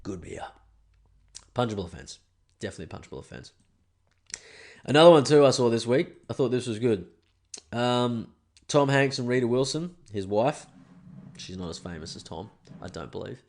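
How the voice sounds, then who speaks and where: A man's voice: medium pitch, animated, normal speed, long pauses, a little mellow. A young Australian man hosting a podcast alone, ranting casually and swearing. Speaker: podcast host. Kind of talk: solo podcast rant.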